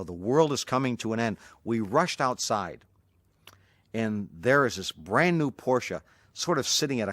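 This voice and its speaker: A man's voice: fairly low pitch, no echo. An older man, a martial arts instructor, telling an anecdote in an interview and acting out the people in it. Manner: animated, acts out voices of people in the story.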